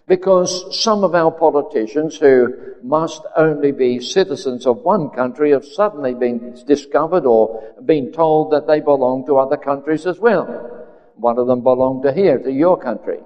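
Aussie guy giving a sermon, chatty and slow with lots of uhs, muffled hall recording. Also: on the high side, a little mellow. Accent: Australian. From Australia. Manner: unhurried, conversational with frequent fillers. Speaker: preacher. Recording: dull lo-fi recording with hall reverb.

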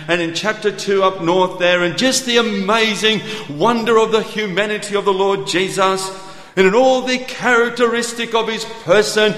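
A man preaching a sermon in an earnest, tender way, dropping to slow quiet lines and then hurrying through asides. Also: sits high. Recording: echoey hall.

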